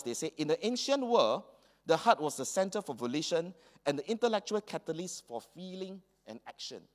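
A man with a Singaporean English accent preaching a sermon in a church hall, slipping colloquial local phrases into his talk. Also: high-pitched. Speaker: pastor.

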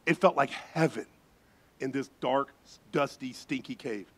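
A middle-aged man preaching as a pastor, telling a story with lively voices and gasps. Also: mid-range voice, a little slow. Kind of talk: sermon storytelling.

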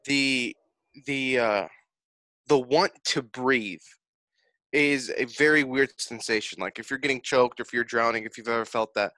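A man's voice: mid-range voice, unhurried, bright, forceful tone, dry recording, low-quality recording. A man giving a hesitant, thoughtful reflection over a video call, with fillers and restarts as he speaks. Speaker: discussion co-leader.

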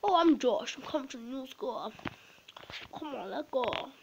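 A woman's voice: sits high, expressive, moderate pace, slight background noise. A woman voicing a confused new schoolboy who stammers and trails off in a game role-play.

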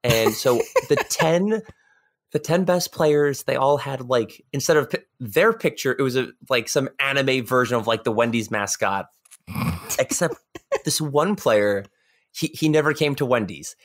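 A man's voice: medium pitch, animated, a little slow. A young man from New York telling a story in casual podcast chat, rambling with lots of fillers and restarts. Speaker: podcast guest.

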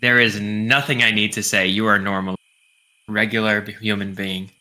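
A man joking around casually as a guest on a stream, rambling and halting with many restarts. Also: fairly low pitch, flat delivery, sharp tone, rough recording.

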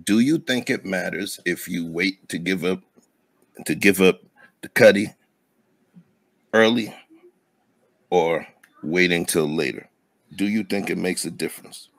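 Deep gravelly man teasing his guest. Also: a little slow, long pauses, no echo. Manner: teasing, playful, laughs often. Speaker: host. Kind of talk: casual interview chat.

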